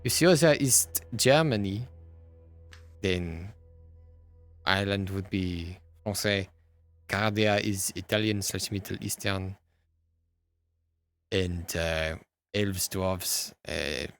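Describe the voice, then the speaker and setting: A man's voice: low-pitched, slow pace, long pauses, a bit bright, soft background music. A man playing a tabletop game, chatting out of character in a hesitant, explanatory way. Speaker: tabletop role-play player. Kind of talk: casual out-of-character chat. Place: home setup, streaming.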